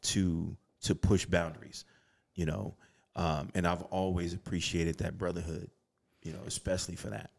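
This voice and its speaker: A man's voice: low-pitched, level tone, moderate pace, vocal fry. A middle-aged man co-hosting a podcast in a studio, talking reflectively in casual chat and often restarting his sentences. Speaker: podcast co-host.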